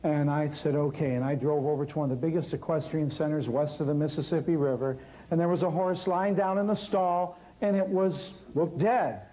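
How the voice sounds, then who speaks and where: A man telling a lively story about his work as an herbal healer, acting out the people he quotes. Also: a little high, a little fast, rough recording. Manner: animated storyteller, acts out quotes. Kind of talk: storytelling talk.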